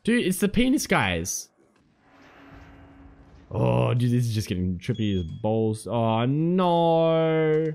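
A man narrating his way through a horror game, his pitch leaping all over as he yelps, curses and talks back at the creatures chasing him. His voice sits at an ordinary middle height between the outbursts. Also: very animated, slow pace, creaky, long pauses, darkish tone. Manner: jumpy, swearing, talks to the game's enemies. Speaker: gaming commentator.

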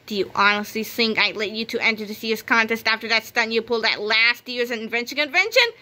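A woman's voice: on the high side, fairly quick. A woman voicing a grumpy, gloating middle-aged male school principal in a read-aloud storybook. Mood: angry. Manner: shouting, gloating.

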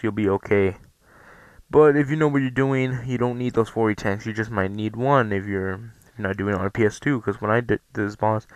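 A man's voice: fairly low pitch, dry recording. A young man giving casual let's play commentary over a headset, rambling and self-deprecating, with frequent ums.

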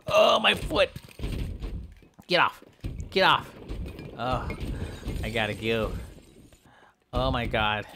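A man voicing Bob, a boastful, goofy male strongman who smashes buildings in a video game, with shouty brags and childish jokes. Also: mid-range voice, noisy background. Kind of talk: comedic game character voiceover.

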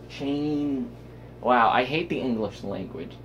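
A man's voice: on the low side, a little slow, gravelly, pauses often, background noise. A young man vlogging at home into his phone, rambling from topic to topic and talking to himself. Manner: rambling, self-talking, jumps between topics. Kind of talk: casual rambling vlog. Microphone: handheld phone.

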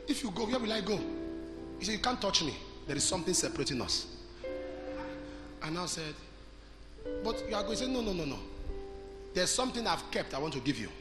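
Pastor preaching, high and lively. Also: male voice, roomy sound, big-room sound. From Nigeria. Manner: storytelling that builds to shouted declarations. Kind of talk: sermon. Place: large church hall.

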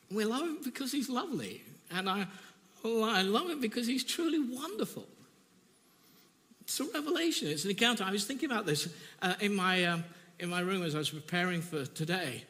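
A man preaching a sermon in a church, telling an emotional personal testimony with halting repetitions. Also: sits high, lively intonation, fairly bright tone. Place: church hall. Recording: reverberant church hall.

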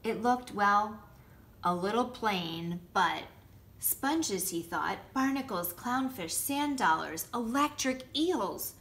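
A nursery school teacher, a woman, reading a picture book aloud to children with lively asides. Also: mid-range voice, slow pace. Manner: warm, lively storytelling with asides showing pictures.

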